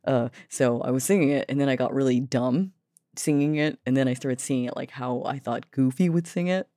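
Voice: mid-range voice, brisk, dark tone, no echo, studio quality. A vlogger talking casually about voice practice, rambling, swearing and laughing at themselves. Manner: rambling, profane, self-mocking, laughs a lot. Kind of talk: casual voice-training vlog.

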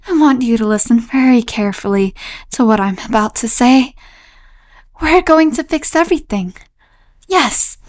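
A woman acting an obsessive, unstable young woman in a listener-directed audio role-play, pleading sweetly and then turning menacing. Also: high-pitched. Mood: unhinged, menacing. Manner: sweetly pleading, swinging into menacing outbursts and nervous laughs.

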